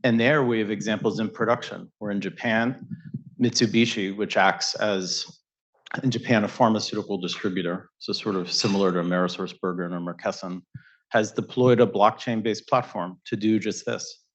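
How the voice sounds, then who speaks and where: A man's voice: lowish voice, steady tone, moderate pace. A man on a conference panel, explaining in a methodical way with fillers and restarts. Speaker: panelist, healthcare tech executive. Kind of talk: panel discussion.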